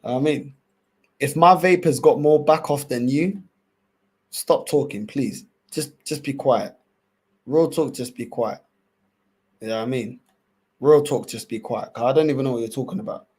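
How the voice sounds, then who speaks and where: A man's voice: mid-range voice, normal speed, pauses often, husky. Laughing London man on a livestream. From England. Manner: animated, laughing, repetitive slang-heavy banter. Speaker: livestream host. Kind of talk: casual livestream reaction chat.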